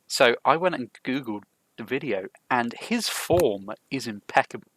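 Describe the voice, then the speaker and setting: A man's voice: medium pitch, lively intonation, measured pace, a bit bright, dry recording. A man co-hosting a podcast, telling chatty anecdotes and leading the news segment. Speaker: podcast co-host. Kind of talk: casual chat.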